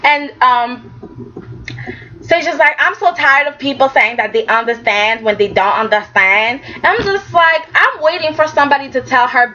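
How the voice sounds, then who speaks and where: A woman's voice: sits high, normal speed, sharp tone, muffled recording. A woman recapping a soap opera episode in a casual, sassy vlog, acting out the characters' lines as she goes.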